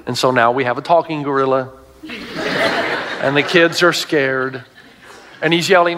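A man's voice: medium pitch, fairly quick, noisy background. A middle-aged male pastor preaching a sermon to a congregation, telling stories with emphatic asides.

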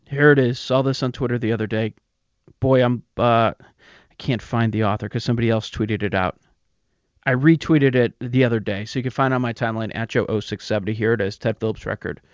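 A man's voice: high-pitched, dry recording. A man hosting a sports talk radio show, taking calls and reeling off numbers emphatically. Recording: muffled radio broadcast.

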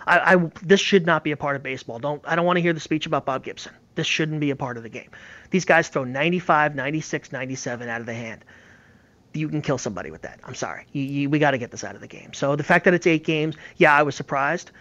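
Guy talking baseball fast, kinda high voice, strong opinions, slightly muffled audio. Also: fairly bright tone. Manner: emphatic, opinionated. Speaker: baseball analyst. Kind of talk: casual sports talk.

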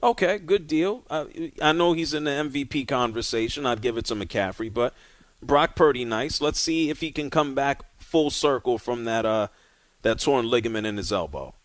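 A man hosting a sports talk radio show, speaking casually and directly and moving callers along briskly. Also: mid-range voice, lively intonation, dry recording.

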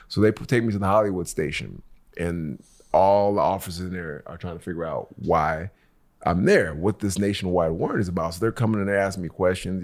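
A man with a very low voice spins a story on a casual podcast. He acts out every voice in his tale, laughs as he goes, and curses freely. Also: fairly quick. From Los Angeles local. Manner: animated storyteller who acts out quotes, swears freely. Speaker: podcast co-host.

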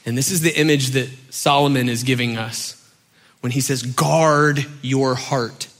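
A man's voice: mid-range voice, fairly even intonation, normal speed. A man preaching a sermon in a conversational, storytelling way, full of fillers. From southern United States. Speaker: pastor.

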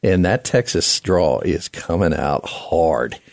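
A man hosting a radio talk show, lively and folksy, chatting with his guest and the listeners. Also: sits low, slow, no room sound, studio quality. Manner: lively, folksy, talks up the audience. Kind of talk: casual radio interview.

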